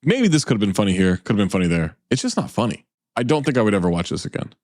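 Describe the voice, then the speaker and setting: A man's voice: on the low side, big pitch swings, very fast, a little mellow, no echo, studio quality. A man co-hosting a film podcast, bluntly dismissing a movie in casual chat. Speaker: podcast co-host.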